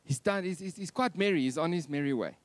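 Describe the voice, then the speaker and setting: Man, thirties, pastor, high lively voice, dry sound. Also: quick pace, dry recording. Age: 30s. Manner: animated, jokey, swings between loud and soft. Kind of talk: Christmas sermon.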